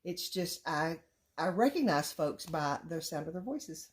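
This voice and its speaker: A woman's voice: low voice, expressive, measured pace. A middle-aged woman, co-hosting a family vlog in casual chat and laughing often. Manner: chatty, laughs often, Southern country talk.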